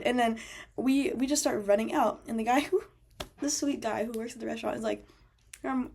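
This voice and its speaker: A woman's voice: a little high, fast, vocal fry, a little mellow. A young woman telling a travel story as a voice-over, chatty and full of fillers. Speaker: travel vlogger.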